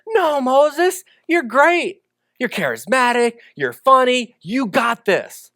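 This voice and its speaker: A man voicing God as a calm, commanding male figure who gives steady assurances. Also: very high-pitched, slow, no room sound, clean studio sound, pitched above the performer's own voice, exaggerated voice. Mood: encouraging.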